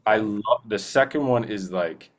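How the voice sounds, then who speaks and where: A male voice actor, a guest in a casual interview, chatting eagerly and rambling with many fillers and restarts. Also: on the low side. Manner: slips into quick movie-character impressions.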